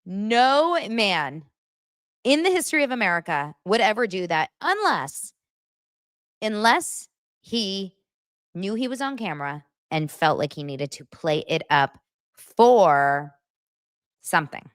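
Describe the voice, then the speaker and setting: A woman's voice: mid-range voice, big pitch swings, takes it slowly, long pauses, fairly bright tone, no echo, studio quality. A woman hosting a casual gossip podcast, talking bluntly and sarcastically. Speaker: podcast host.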